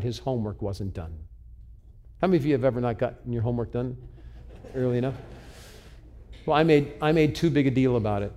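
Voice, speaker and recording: A man's voice: mid-range voice, warm tone. A man in his sixties, a pastor telling personal stories in a sermon, earnest and confessional, often restarting his words. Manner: earnest, confessional, with frequent stumbles and repeats. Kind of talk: sermon storytelling.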